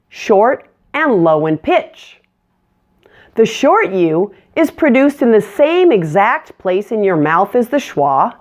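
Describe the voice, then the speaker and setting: Slow, lively-voiced woman teaching pronunciation. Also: mid-range voice. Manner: clear, deliberate modeling of words. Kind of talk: scripted pronunciation lesson.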